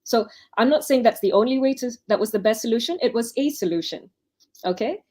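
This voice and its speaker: A woman's voice: a little high, expressive, brisk, dark tone. A woman doctor on an online panel, giving chatty advice to new doctors and acting out quoted lines in her stories. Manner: chatty, anecdotal, acts out quoted speech.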